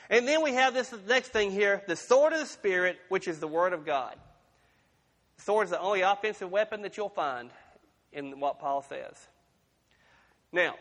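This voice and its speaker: A man's voice: high-pitched, sharp tone. A man pastor preaching a sermon in a folksy, conversational way with humorous asides, in a church sanctuary. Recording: long reverb of a large room.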